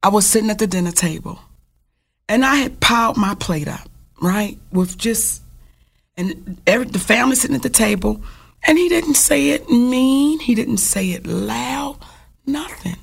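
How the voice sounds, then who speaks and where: A woman's voice: on the high side, lively intonation, normal speed, vocal fry, breathy edge. Frank, profane woman co-host, telling heartfelt stories. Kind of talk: candid casual talk.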